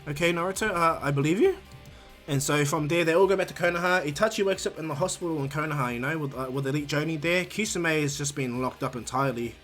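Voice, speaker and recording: A man's voice: fairly high pitch, fast, hardly any pauses, fairly bright tone, faint music behind. A man casually retelling a fan story, rambling with lots of ums and restarts. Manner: rambling, many fillers and restarts.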